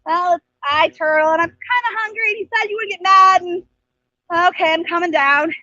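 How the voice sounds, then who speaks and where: A woman voicing a timid, hungry male turtle who speaks haltingly. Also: extremely high pitch, pushed and bright, no room sound. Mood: hesitant. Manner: hesitant, halting. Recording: dull lo-fi stream audio.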